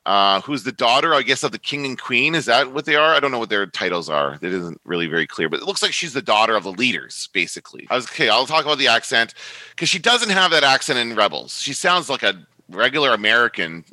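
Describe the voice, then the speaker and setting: A man's voice: mid-range voice, big pitch swings, fast talker, bright, forceful tone, dry recording, poor audio. A man from Canada, co-hosting a podcast in casual chat, rambling and correcting himself as he goes. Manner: rambling, self-correcting, chatty. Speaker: podcast co-host.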